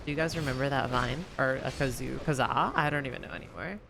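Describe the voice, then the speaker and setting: A young woman chatting casually while streaming a game, rambling with lots of fillers and sometimes lifting her voice higher on purpose. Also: fast, creaky, a crowd in the background. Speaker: gaming streamer. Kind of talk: casual gameplay commentary.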